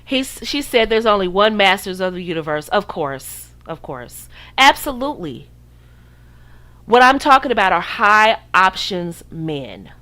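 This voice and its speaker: A woman's voice: mid-range voice, animated, moderate pace, hardly any pauses, pushed and bright. A woman from the United States hosting a podcast, giving casual dating advice in a preachy, sassy way and acting out her listeners' voices. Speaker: podcast host.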